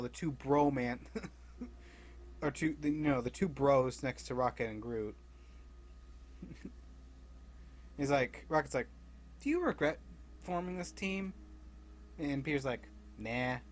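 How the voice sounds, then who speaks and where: A young man casually recapping a comic series, rambling with frequent laughs and loosely acting out the characters' lines. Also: medium pitch. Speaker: comic book recap creator.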